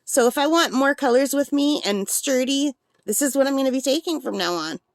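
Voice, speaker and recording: A woman's voice: sits high, expressive, brisk, no room sound. A woman chatting casually through an art supply unboxing, rambling with fillers while she has the hiccups.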